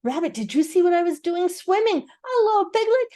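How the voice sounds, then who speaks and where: An older woman voicing an excited little boy kangaroo who squeaks eagerly. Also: a little slow, full character voice.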